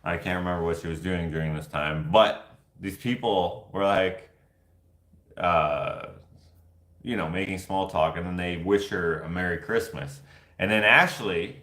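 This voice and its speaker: Guy rambling on his vlog, deep voice, echoey room, jokes around. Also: measured pace, bright, forceful tone. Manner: rambling, jokey, laughs easily. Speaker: vlogger answering viewer questions. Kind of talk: casual chat.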